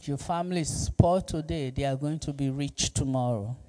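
A male pastor preaching a sermon, reading scripture and calling on the congregation to repeat after him in a slow, emphatic manner. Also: mid-range voice, mellow. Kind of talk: sermon with call-and-response.

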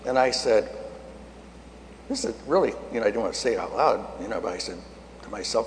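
A man's voice: fairly low pitch, lively intonation, fairly quick, long pauses, slight background noise. An older man preaching a sermon, telling a story in a folksy way and acting out the dialogue, his voice rising to emphatic peaks. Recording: long hall reverb.

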